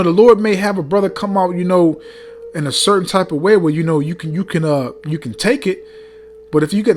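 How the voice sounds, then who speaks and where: A man preaching a heated rebuke sermon, reading scripture between blunt, profane remarks, often stumbling over fillers and repeating "man". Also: sits high.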